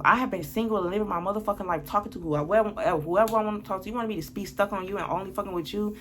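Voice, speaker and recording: A woman's voice: mid-range voice, racing, hardly any pauses, a bit bright, slight background noise. A woman telling a personal story on her vlog in a blunt, profane, worked-up way. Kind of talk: casual storytime monologue.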